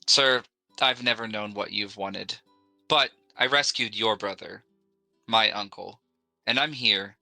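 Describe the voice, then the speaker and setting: A man's voice: on the low side, slow, creaky, bright, forceful tone, dry recording, soft background music, exaggerated voice, low-quality recording. A man voicing a resentful young adult son and ship captain who speaks in clipped, bitter lines.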